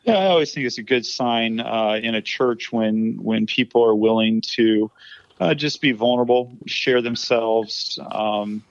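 A man's voice: medium pitch, measured pace, no room sound, muffled recording. A man co-hosting a podcast as a pastor, speaking thoughtfully with many hesitations and fillers. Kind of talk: casual podcast chat.

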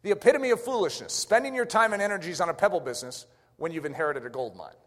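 Male preacher, high and animated, emphatic rhetorical questions, echoey church hall. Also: fast talker. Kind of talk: sermon.

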